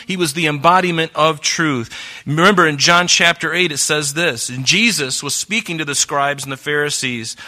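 A man preaching a sermon, reading scripture aloud and urging listeners to mark their Bibles, earnest and moving between hushed and emphatic delivery. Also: fairly high pitch.

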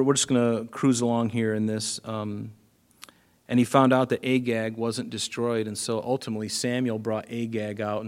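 A male pastor giving a conversational sermon, telling a story with loud and soft stretches and casual asides. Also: mid-range voice.

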